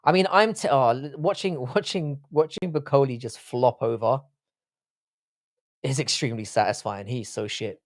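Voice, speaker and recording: A man's voice: mid-range voice, normal speed. Man, London accent, live stream host, swearing, joking with the chat. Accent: London English. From England. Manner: profane, joking banter with the chat.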